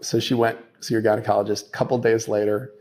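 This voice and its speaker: Animated man telling a courtroom story. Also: fast talker. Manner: animated storyteller, acts out quotes with raised pitch. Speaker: divorce lawyer telling a story. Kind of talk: casual anecdote.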